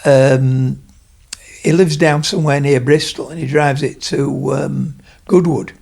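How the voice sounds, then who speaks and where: An older retired man with a Yorkshire accent, chatting as a podcast guest and telling stories with lively quoted voices. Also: mid-range voice, measured pace, vocal fry. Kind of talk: casual chat.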